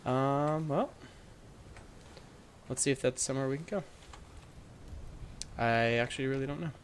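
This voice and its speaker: A medium-pitched man speaking at a normal pace, with slight background noise, gives let's-play commentary on a mystery video game. He thinks aloud as he plays, sounding unsure and musing.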